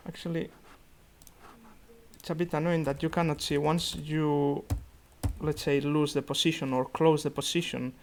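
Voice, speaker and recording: A man's voice: a little high, level tone, moderate pace, slight background noise. A young man on a video call thinking aloud as he reviews a student investment portfolio, with many fillers and restarts. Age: young adult. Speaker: student investment society organiser. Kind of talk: virtual meeting portfolio review. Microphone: computer mic on a video call.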